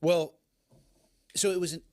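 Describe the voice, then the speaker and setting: A man's voice: fairly high pitch, little pitch movement, measured pace, darkish tone, no room sound. A man hosting a casual interview, talking in an emphatic way. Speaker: podcast host.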